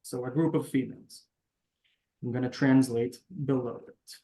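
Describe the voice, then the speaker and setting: A man teaching a beginner language class over a video call, patiently explaining each step and sounding out words slowly. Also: mid-range voice, fairly even intonation, warm tone, reverberant. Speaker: Hebrew teacher.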